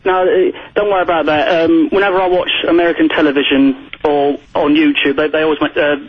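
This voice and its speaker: Man, English accent, caller, quick, husky, muffled phone line. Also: fairly high pitch, flat delivery. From England. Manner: quick, emphatic, chatty. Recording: dull internet phone line.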